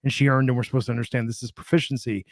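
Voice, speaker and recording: A man's voice: mid-range voice, flat delivery, no echo, studio quality. A man co-hosting a wrestling podcast, giving opinions in casual, musing chat. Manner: conversational, opinionated, drawn-out musing. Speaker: podcast co-host.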